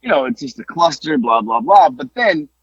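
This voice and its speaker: A man co-hosting a casual podcast, telling stories with lively exclamations and some swearing. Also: fairly high pitch, moderate pace, breathy edge, no echo. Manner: animated storytelling, swearing, exclamations. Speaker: podcast co-host. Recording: dull lo-fi dry podcast audio.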